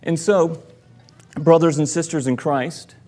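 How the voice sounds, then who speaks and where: A man, a church elder, preaching a sermon in a measured, deliberate way, giving quoted lines with emphasis. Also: fairly high pitch, steady tone, warm tone. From American South.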